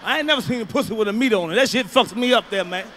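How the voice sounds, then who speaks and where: A male stand-up comedian, delivering a profane routine with shouted punchlines. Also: high voice, very fast, slight background noise.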